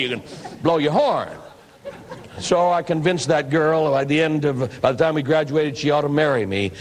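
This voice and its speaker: An older man from Idaho, an evangelist preacher, telling his life story in a sermon with folksy, animated delivery and acted-out quotes. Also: fairly high pitch. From Idaho, USA.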